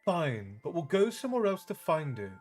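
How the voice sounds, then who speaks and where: A man reading aloud, putting on the voice of a brisk, impatient teenage witch girl who sounds urgent and bossy. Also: a little high, very animated, darkish tone, soft background music, pitched above the performer's own voice. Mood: insistent.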